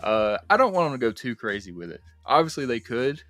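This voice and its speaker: A young man hosting a casual movie-discussion livestream, talking in an animated, rambling way with plenty of swearing and fillers. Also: mid-range voice, a little fast, dry recording. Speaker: livestream host.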